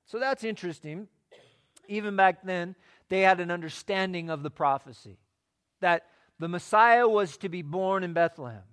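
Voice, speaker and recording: A man's voice: high-pitched, moderate pace, fairly bright tone, smooth. A man preaching a sermon in a conversational way, asking his listeners rhetorical questions. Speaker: pastor.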